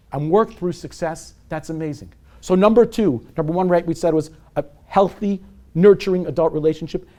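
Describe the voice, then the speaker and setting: A man in his forties, a rabbi giving a lecture on parenting to a live audience, telling stories with humor and sprinkling in Yiddish and Hebrew terms. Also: a little high. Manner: warm and self-deprecating, with humor.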